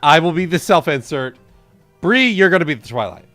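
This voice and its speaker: Lively teasing stream co-host. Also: medium pitch, fairly quick, soft background music. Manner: teasing and cheering. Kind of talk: casual stream chat.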